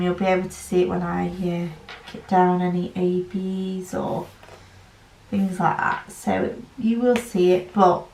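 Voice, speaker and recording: A woman's voice: medium pitch, gravelly, slight background noise. A young woman chatting casually and at length while she crafts. She has a runny nose. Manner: rambling, fast-talking. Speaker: crafting vlogger. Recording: roomy, distant from the mic.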